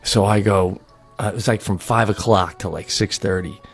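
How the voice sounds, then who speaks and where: A man co-hosting a comedy podcast, telling a rambling, animated story in casual chat. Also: sits low, moderate pace, faint music behind. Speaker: podcast co-host.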